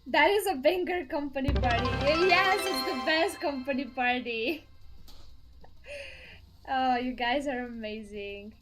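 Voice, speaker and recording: A woman's voice: high voice, a little slow, a bit bright. A woman streamer chatting on a live game stream, giggling often and effusively thanking her viewers. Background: faint game music.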